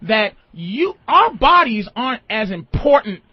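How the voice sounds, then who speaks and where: A man hosting a radio call-in show, giving blunt, profane advice with animated storytelling, heard through a muffled radio broadcast. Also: high-pitched, a little slow, husky, no room sound. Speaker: radio host.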